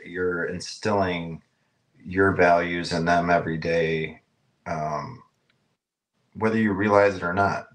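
A carpenter guest on a casual podcast, with a very deep voice. He speaks slowly and reflectively, padding his thoughts with fillers. Now and then he drops a crude joke. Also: fairly bright tone. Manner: slow, reflective, with fillers and profane humor.

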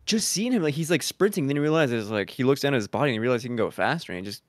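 A man's voice: medium pitch, animated, very fast, no echo, studio quality. A man co-hosting a podcast in casual chat, rambling with many fillers. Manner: rambling, full of likes. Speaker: podcast co-host.

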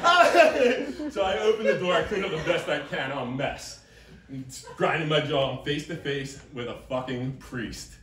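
A man doing a crude, animated stand-up comedy set on a club stage, breaking into shouted outbursts. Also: a little high, normal speed. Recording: echoey room from a distance with a laughing crowd. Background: laughing audience.

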